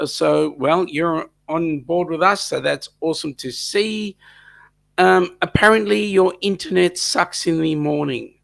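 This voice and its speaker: A man's voice: a little high, creaky, fairly bright tone. A man hosting a live stream, chatting casually and reading out viewer comments, with lots of ums and restarts. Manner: chatty, repeats himself, many ums.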